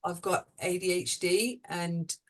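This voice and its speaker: A woman hosting an online panel discussion, talking in halting phrases with many restarts and laughing at herself. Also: on the low side, steady tone. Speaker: host.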